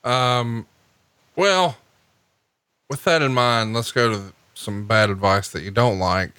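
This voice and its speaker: A man's voice: medium pitch, slow, bright, forceful tone, smooth, no echo. A man hosting a podcast, teasing and needling his co-host with sarcasm. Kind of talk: casual podcast banter.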